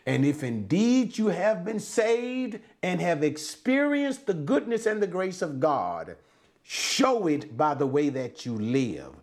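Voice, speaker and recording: A man preaching in a high, animated voice that swoops up on stressed words. He speaks slowly and emphatically, stretching key phrases and scattering fillers between them. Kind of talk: expository Bible teaching and preaching.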